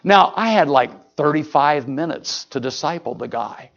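Folksy high-voiced evangelist man. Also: moderate pace, muffled recording. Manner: folksy, animated, jokes with the crowd. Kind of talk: sermon storytelling. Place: church service before a congregation.

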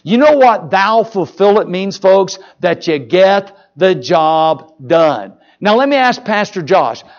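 A male preacher delivers a lively, folksy sermon, peppering the congregation with questions. His voice sits high for a man. The church recording is muffled and lo-fi. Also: takes it slowly, hardly any pauses. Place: church sanctuary.

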